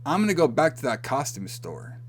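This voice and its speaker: Animated man retelling a movie scene. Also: medium pitch, brisk. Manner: animated retelling, acting out characters' lines, swearing and laughing. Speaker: podcast co-host. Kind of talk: casual movie recap chat.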